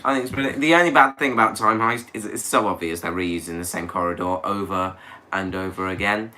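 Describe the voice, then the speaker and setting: A man's voice: sits low, brisk, sharp tone. A young man, co-hosting a casual live stream in a wry, slightly posh, defensive manner.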